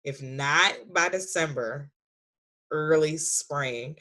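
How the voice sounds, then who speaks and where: A woman in her thirties, a podcast guest, talking candidly about raising her son, animated and leaping high when she quotes him. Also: takes it slowly. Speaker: podcast guest, author and speaker. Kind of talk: candid conversational storytelling.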